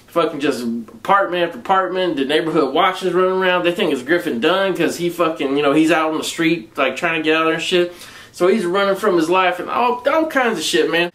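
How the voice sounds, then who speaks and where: A man's voice: on the high side, a bit bright. A man with a Southern US accent reviewing a movie in a rambling, casual way, swearing constantly and using slang.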